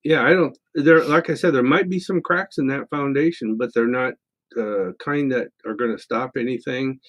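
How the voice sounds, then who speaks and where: A middle-aged man co-hosting a psychic call-in show, answering listener questions in a relaxed, rambling way full of fillers and restarts. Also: medium pitch, moderate pace. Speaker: psychic radio show co-host. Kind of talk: casual call-in chat, reading listener questions.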